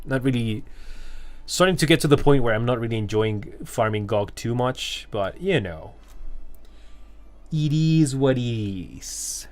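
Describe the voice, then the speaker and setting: Lively-voiced man chatting on stream. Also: mid-range voice, a little slow. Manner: thinking aloud, rambling with fillers. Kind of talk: casual live-stream chat while gaming.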